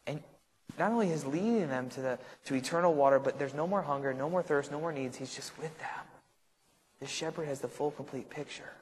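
A man's voice: a little high, fairly quick. Man teaching Bible study, reverberant room. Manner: conversational, checks in with frequent "right?"; thinks aloud with restarts and asides. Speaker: pastor.

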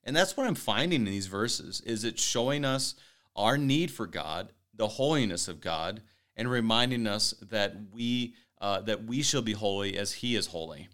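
A man hosting a Bible study radio talk, earnest and quick to laugh, reading scripture aloud. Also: fairly low pitch, lively intonation, a bit bright. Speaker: host.

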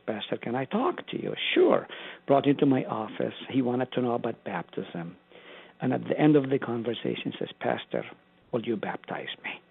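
A man's voice: mid-range voice, vocal fry, slightly rough. A pastor, a man, teaching a Bible study in an earnest, emphatic preaching manner. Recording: tinny phone line.

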